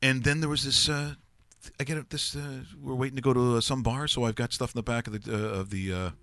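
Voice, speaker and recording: A man's voice: medium pitch, steady tone, a little fast, a bit bright, dry recording. A man hosting a live sports talk show, chatting casually and telling rambling stories with many restarts.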